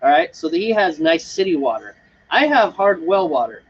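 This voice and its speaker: Sitting out on a front porch patio, a man co-hosts a homebrewing live stream, rambling casually and laughing often. His slightly high voice swings widely in pitch at a moderate pace. The audio is dull, with a little hiss or hum.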